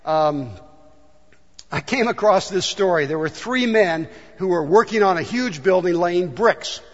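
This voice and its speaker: A high-pitched man preaches a sermon in an earnest, storytelling manner, putting on voices for the people in his stories. His voice carries a long reverb from the hall, and the recording sounds dull. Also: expressive, unhurried. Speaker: pastor. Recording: dull echoey church hall.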